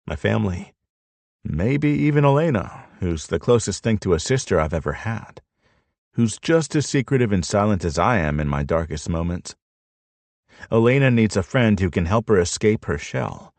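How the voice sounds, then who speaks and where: Low, gravelly male audiobook narrator. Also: darkish tone, dry recording. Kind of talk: scripted first-person narration.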